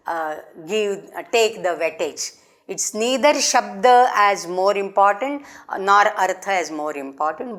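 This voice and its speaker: A middle-aged woman professor, giving a lecture, explaining slowly with restarts and chanting verse in a quick recitation. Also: medium pitch, a bit bright. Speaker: professor lecturing on Sanskrit drama. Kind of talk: academic lecture.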